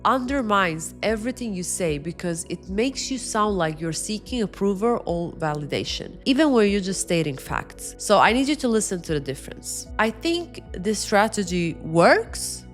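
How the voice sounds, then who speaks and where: A woman coaching viewers on how to speak with authority, with a firm, emphatic delivery, demonstrating the points out loud. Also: mid-range voice, lively intonation, normal speed, hardly any pauses, soft background music. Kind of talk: direct-to-camera advice lesson.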